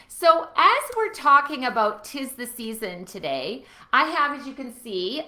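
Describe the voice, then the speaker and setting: A woman's voice: on the high side, pushed and bright, reverberant. Bubbly woman hosting a live stream. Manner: enthusiastic, greets viewers by name, many fillers. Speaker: host of a live stream for music teachers. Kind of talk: upbeat live-stream chat.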